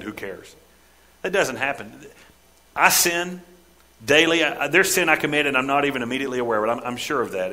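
Emphatic preaching man, bright voice. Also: medium pitch, low-quality recording. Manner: emphatic preaching, rising and dropping sharply for stress. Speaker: pastor. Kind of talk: sermon. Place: church.

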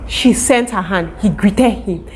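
A young Cameroonian woman telling a casual storytime to her viewers, lively and animated. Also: medium pitch, unhurried, a little hiss or hum. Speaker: vlogger.

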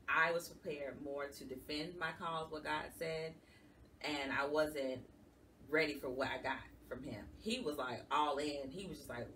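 A woman's voice: extremely low pitch, fairly bright tone. A woman giving an earnest, emotional personal testimony as a guest in an interview. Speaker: guest, support group founder. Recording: somewhat distant mic with faint background noise.

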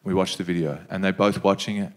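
Laid-back stand-up comedian telling stories. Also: male voice, deep voice, quick pace. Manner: laid-back storyteller with lively asides. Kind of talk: stand-up storytelling. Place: comedy stage before a live audience.

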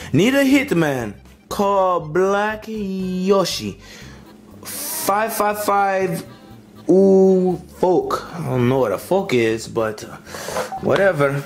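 A man voicing a scheming male puppet who mutters to himself while phoning for a hitman. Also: on the high side.

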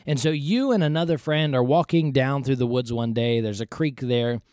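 A man's voice: mid-range voice, moderate pace, darkish tone, dry recording, clean studio sound. A man hosting a podcast, explaining Bible questions in an earnest, conversational teaching style and repeating his points for emphasis. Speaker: podcast host.

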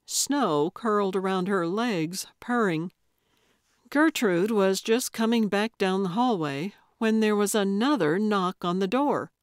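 A woman narrating a cozy mystery audiobook in a measured, wry way. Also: medium pitch, smooth, no room sound, clean studio sound. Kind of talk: scripted narration.

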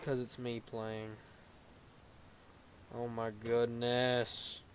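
A man playing a game on a video, commenting as he goes and yelling in frustration when he falls. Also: medium pitch, completely flat delivery, drawn-out words, slight background noise. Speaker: gaming YouTuber.

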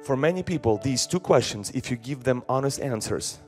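A man's voice: medium pitch, lively intonation, fairly quick, a little mellow, faint music behind. A man preaching a sermon as pastor, asking rhetorical questions and answering them himself, with emphatic repetition. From Slavic.

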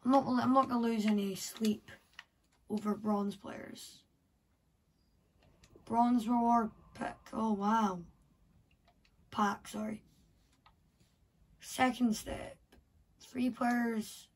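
A husky, fairly high woman's voice talks slowly through a video game, half muttering to herself as she thinks aloud. The commentary is casual and unhurried, with soft keyboard clicks behind her. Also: fairly even intonation. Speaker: gameplay vlogger.

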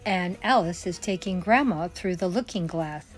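A woman's voice: lowish voice, moderate pace, soft background music. An older woman chatting in a friendly way as a home decor vlogger. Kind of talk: casual decorating vlog.

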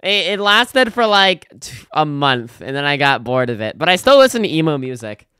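A young woman streams a video game, her low-pitched voice very animated, sharp in tone yet smooth, delivered at a moderate pace on a dry recording. Her gameplay commentary is casual and chatty, rambling along as she keeps interrupting herself and starting over.

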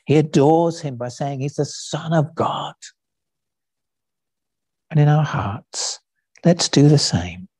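Male pastor, slow sermon, mellow dark voice, dry close sound. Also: on the high side, lively intonation, breathy edge, no room sound. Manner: slow, deliberate preaching with dramatic quoted lines. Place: church.

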